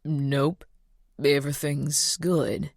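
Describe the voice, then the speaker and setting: An embarrassed young man squirming in front of his mother, as a woman reader voices him, giving low, stiff, clipped replies. The storybook recording is close and dry. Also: level tone, very slow, gravelly, no room sound, exaggerated voice. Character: young man, awkward, embarrassed grown son.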